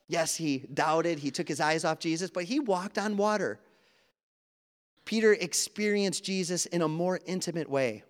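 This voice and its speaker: Male preacher, slightly higher voice, earnest and conversational, big church reverb. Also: normal speed. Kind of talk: sermon. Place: church sanctuary. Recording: long hall reverb.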